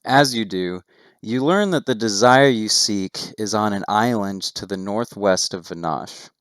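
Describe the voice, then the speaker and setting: Low smooth-voiced man narrating as game master. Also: a little slow, dry recording, clean studio sound. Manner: steady descriptive narration with casual asides.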